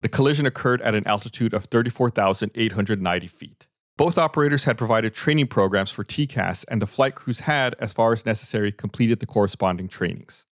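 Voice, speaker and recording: A man with a somewhat low voice talks through events on a podcast. He explains and reads report findings in a loose, conversational way. The sound is dry and close, with no room around it. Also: brisk, dry recording. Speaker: podcast host. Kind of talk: casual podcast discussion.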